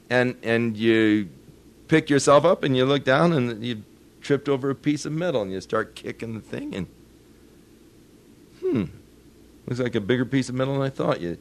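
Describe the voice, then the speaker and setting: An older man preaching a sermon, telling folksy stories with chuckles and rising to earnest emphasis on his points. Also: medium pitch. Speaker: pastor.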